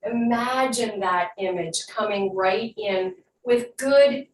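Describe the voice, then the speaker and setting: Woman fitness instructor, unhurried soothing cues, slightly off-mic in a roomy space with a faint hum. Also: medium pitch, distant mic. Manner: calm guiding cues, then slow soothing breath work. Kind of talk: live online fitness class instruction.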